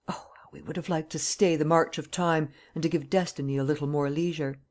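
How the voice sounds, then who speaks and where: A man narrating a classic novel as an audiobook in a steady, measured reading style. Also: a little high. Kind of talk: scripted narration.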